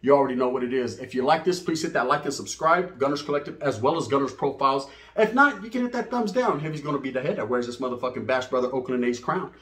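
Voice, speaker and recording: Talking fast with hardly any pauses, a middle-aged man hosting a channel spins a crude street story straight to camera. His medium-pitched voice is steady and fairly bright, sprinkled with Spanish slang and frequent "right?" and "you know what I mean?"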